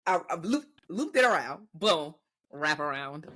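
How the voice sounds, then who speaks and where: A woman's voice: low voice, unhurried. A young woman co-hosting a podcast, telling stories in a casual, profane way and acting out what people said. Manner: animated storytelling with acted-out quotes, profane. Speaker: podcast co-host. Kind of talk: casual chat.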